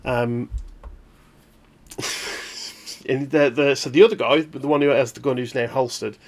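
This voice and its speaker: A man's voice: mid-range voice, fairly even intonation, a little slow. A man narrating a tabletop game as game master, rambling with many fillers and self-corrections.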